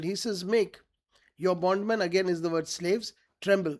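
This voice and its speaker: A man's voice: high-pitched, moderate pace. A man teaching a literature lesson, reading each quoted line and then paraphrasing it plainly, often checking whether his students follow.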